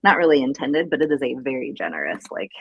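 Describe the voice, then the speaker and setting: Low, husky-voiced woman guest. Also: big pitch swings, fast, dry recording, muffled recording. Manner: easygoing, demonstrating and explaining. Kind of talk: casual chat.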